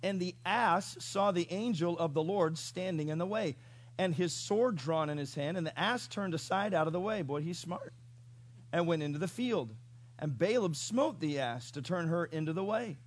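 A male pastor preaching a sermon in an animated storytelling way, chuckling and asking the congregation questions. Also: high-pitched, moderate pace.

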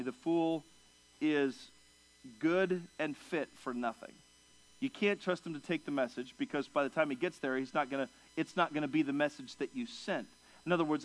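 Higher-voiced man preaching with fervor. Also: rough recording. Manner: emphatic, swings from low asides to raised, excited delivery; acts out quoted speakers in pitched-up voices. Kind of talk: expository sermon.

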